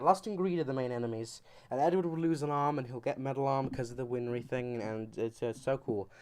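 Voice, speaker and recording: A man's voice: mid-range voice, a little mellow. A man giving a comedic anime commentary, rambling and joking with goofy asides. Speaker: YouTuber.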